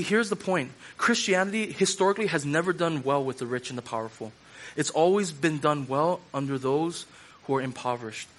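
A man's voice: on the high side, a bit bright. A man preaching a sermon in a loose conversational way, repeating phrases for emphasis and using casual fillers. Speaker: pastor.

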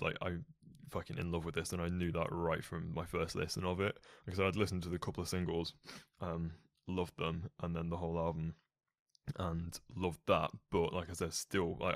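A man's voice: deep voice, gravelly, dry recording, studio quality. A man co-hosting a casual music podcast, speaking enthusiastically, swearing freely and leaning on filler words. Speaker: podcast co-host. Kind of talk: casual chat.

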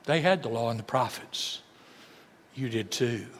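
A man preaching a sermon as pastor, swinging dramatically between booming and hushed delivery. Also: expressive, moderate pace. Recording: long church hall reverb.

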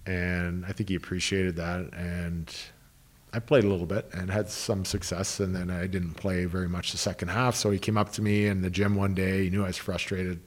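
A man's voice: sits low, level tone, moderate pace. A middle-aged man, a former pro hockey player turned coach, telling stories in a loose, rambling interview style full of "you know" and restarted sentences. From Canada, Ottawa. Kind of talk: casual interview storytelling.

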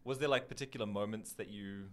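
A man's voice: on the low side, fast, a bit bright. A man hosting an interview, thinking aloud as he asks his questions. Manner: encouraging, thinks aloud while asking. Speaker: host. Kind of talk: casual interview.

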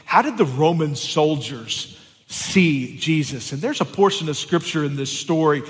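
A man's voice: fairly high pitch, animated, unhurried. A pastor preaching a sermon and reading scripture aloud, with emphatic rises in his voice. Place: church sanctuary. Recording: long reverb of a church hall.

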